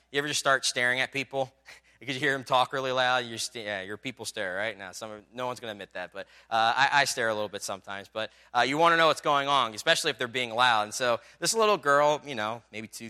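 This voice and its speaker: A man's voice: mid-range voice, quick pace, pushed and bright, clear, resonant tone. A man preaching a sermon, telling a story casually with many fillers and rising to emphatic peaks. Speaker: pastor.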